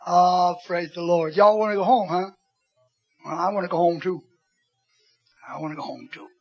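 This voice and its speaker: A man preaching a sermon, emphatic and repetitive, swinging from loud to soft. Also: high-pitched, fairly even intonation, moderate pace. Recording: dull lo-fi sermon recording with faint music.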